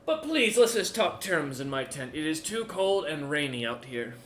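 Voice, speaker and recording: A man voicing an old, gruff dwarf warlord who coughs up blood and speaks in a loud, mocking way. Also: a little high, very animated, normal speed, a little hiss or hum, pitched above the performer's own voice. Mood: boastful. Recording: echoey room.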